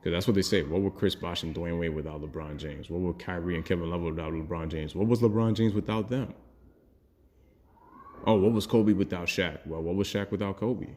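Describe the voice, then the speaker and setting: A man's voice: low voice, brisk, darkish tone. A man giving a heated, opinionated sports rant as a commentary YouTuber, blunt and swearing freely.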